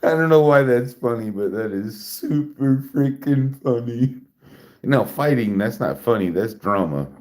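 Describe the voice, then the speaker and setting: A man's voice: medium pitch, expressive, unhurried, darkish tone. A man in his forties chatting casually on a livestream while drinking, rambling and crude, with frequent giggles. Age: 40s.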